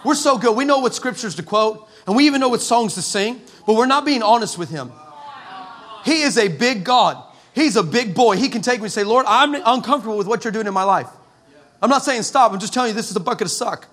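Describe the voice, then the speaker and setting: A male preacher delivering a sermon with humorous storytelling, animated and acting out dialogue. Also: very high voice, brisk. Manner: animated, acts out dialogue, laughing asides. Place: church meeting room.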